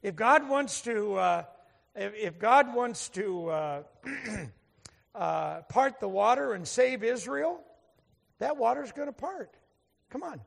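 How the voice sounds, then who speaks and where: A man's voice: very high voice, animated, slow pace, gravelly. A man preaching a sermon to a church congregation in a folksy, humorous storytelling way. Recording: echoey hall reverb.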